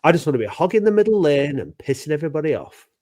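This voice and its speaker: A man's voice: on the high side, sing-song, racing, a little mellow. A man hosting a podcast, chatting and joking with his guests. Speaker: podcast host. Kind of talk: casual chat.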